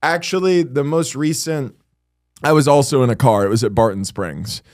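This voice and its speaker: Animated storytelling man, dry sound. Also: mid-range voice, normal speed, dry recording. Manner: animated storytelling, swearing, acting out quotes. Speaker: podcast host. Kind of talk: casual comedy podcast chat.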